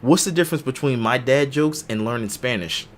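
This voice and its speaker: Over slight background noise, a podcast host speaks in a medium-pitched voice, fairly quickly. Running a casual live chat show, he jokes and tells stories in loose slang, animated throughout.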